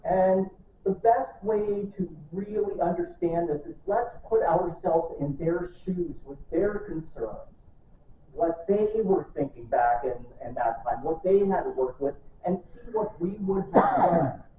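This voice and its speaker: A man's voice: sits high, a little slow, a little hiss or hum. A man giving a playful, joking history talk to a live audience in a library room. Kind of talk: lively public lecture. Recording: distant, echoey, tinny room recording.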